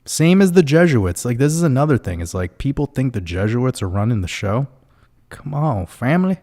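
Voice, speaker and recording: A man's voice: medium pitch, sing-song, moderate pace, dark tone. A man hosting a casual livestream, reading out viewer comments in a loose, profane way and laughing often. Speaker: livestream host.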